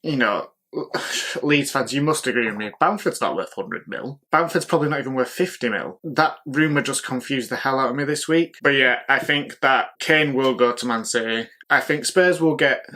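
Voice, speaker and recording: A man runs through his football opinions in a relaxed solo talk, voice sitting at an ordinary middle pitch. He is opinionated and keeps firing rhetorical questions at his listeners. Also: normal speed. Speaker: football podcast host.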